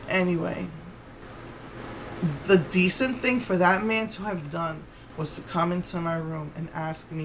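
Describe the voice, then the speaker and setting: A woman's voice: fairly low pitch, steady tone, slow pace, long pauses, slight background noise, poor audio. A woman vlogger telling a story to camera in an indignant, rambling way with many restarts.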